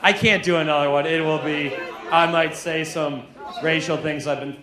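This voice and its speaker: A young man doing stand-up in a comedy club, drunk and deadpan, with mock-earnest asides to the crowd. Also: fairly high pitch, normal speed. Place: comedy club stage, audience laughing. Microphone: handheld stage mic. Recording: echoey live club recording, crowd noise.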